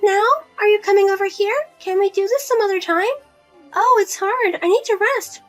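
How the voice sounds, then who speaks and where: A woman's voice: extremely high pitch, moderate pace, soft background music. A woman playing a pushy, self-pitying widowed mother who keeps guilt-tripping her daughter and asking for money, in a narrated drama. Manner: nagging, whiny, guilt-tripping.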